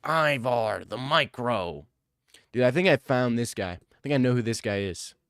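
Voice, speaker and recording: A man's voice: medium pitch, fairly quick, clean tone, no room sound, clean studio sound. A young man streaming live, answering his chat with defensive, joking replies and a lot of "bro.". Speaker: livestreamer reading chat. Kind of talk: casual livestream chat.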